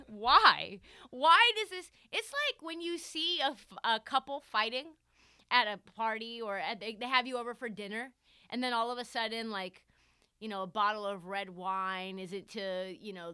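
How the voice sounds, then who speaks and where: Woman sports host, brash profane commentary, smooth crisp voice, dry close sound. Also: a little high, bright, forceful tone, no echo.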